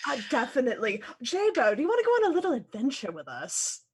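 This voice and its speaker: A woman's voice: high voice, wildly swooping pitch, quick pace, slightly rough. Chatty woman player. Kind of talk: tabletop game play.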